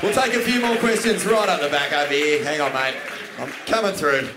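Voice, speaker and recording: A man hosting a live panel, briskly calling on audience members with a matey manner. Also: on the high side, noisy background. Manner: brisk, matey, calls on the crowd. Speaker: host.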